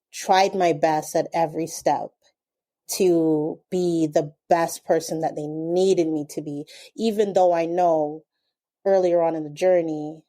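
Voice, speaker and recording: A middle-aged woman, a guest and mother, speaking in a reflective, halting, earnest way. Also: fairly low pitch, warm tone. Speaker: podcast guest. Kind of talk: casual chat.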